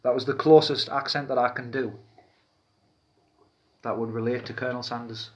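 A man's voice: medium pitch, steady tone, moderate pace. A man from Peterlee with a North East English accent, co-hosting a podcast in casual, rambling, jokey banter. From Peterlee, England. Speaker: podcast co-host.

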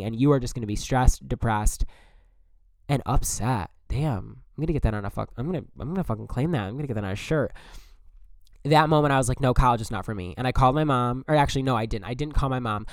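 A young man tells a story straight to his camera in a casual vlog. He talks bluntly and swears freely, with animated asides. His voice is smooth and clear, recorded dry and close with a mid pitch. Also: dry recording. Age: young adult. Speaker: vlogger.

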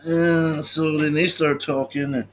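A man's voice: on the high side, level tone, a little slow, a little hiss or hum, poor audio. A man casually recapping a movie's story, loose and chatty, often acting out the characters' lines and laughing. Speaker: podcast host recapping a film. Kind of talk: casual film recap chat.

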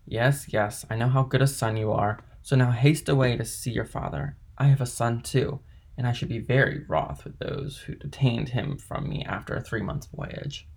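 A kindly middle-aged ship owner, voiced by a man reading a classic novel aloud, talking in a warm, fatherly, encouraging way. The voice sits at an ordinary middle pitch with a gravelly, creaky edge. The delivery stays easygoing and generous. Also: normal speed. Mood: genial. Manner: genial, fatherly.

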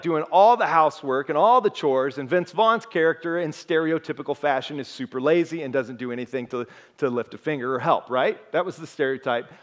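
A male pastor preaching a sermon in a relaxed, conversational way, joking and talking directly to his congregation. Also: a little high. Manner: conversational, jokes and talks to the congregation.

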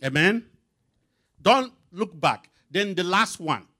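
Lively, high-pitched male preacher. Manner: emphatic, rising and falling delivery with pauses; calls out scripture references for a reader. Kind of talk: sermon.

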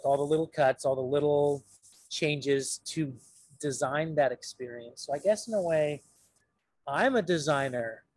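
A man's voice: fairly high pitch, dry recording, poor audio. A man who works as a videographer, speaking enthusiastically in a casual chat.

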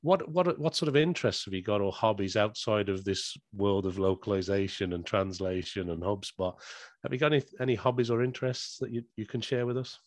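A man's voice: on the low side, brisk, no room sound. A man hosting a podcast interview, encouraging and a bit hesitant, often repeating words as he asks questions. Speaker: podcast host.

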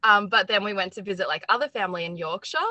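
Australian woman, podcast host, casual rambling chat, lots of giggles, bright voice. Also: mid-range voice, quick pace, rough recording.

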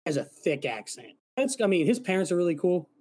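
A man's voice: high voice, big pitch swings, fairly quick, a little mellow, breathy edge. A man co-hosting a podcast, chatting casually and rambling, swearing now and then. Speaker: podcast co-host. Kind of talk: casual chat.

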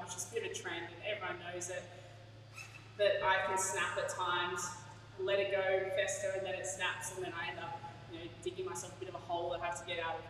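Woman, candid, chatty, sermon, booming hall echo, far from mic. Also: fairly bright tone, slight background noise. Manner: candid, chatty, laughs at herself. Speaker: pastor.

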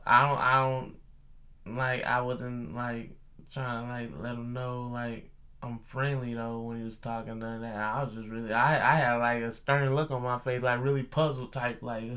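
A young man, a delivery driver, telling a story in casual chat, animated and profane, acting out the voices of the people in it. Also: mid-range voice, normal speed.

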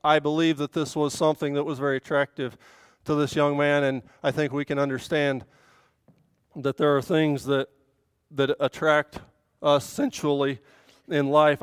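A woman giving an earnest sermon and reading scripture aloud, swelling loud and emphatic on key points. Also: sits low, level tone, moderate pace, smooth, no echo. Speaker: women's speaker at a church service.

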